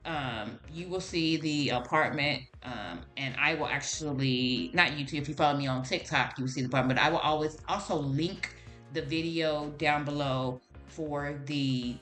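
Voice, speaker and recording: Chatty low-voiced woman vlogger. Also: moderate pace, soft background music. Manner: chatty, talks straight to viewers as "y'all"; animated exclamations. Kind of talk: casual storytelling to the camera.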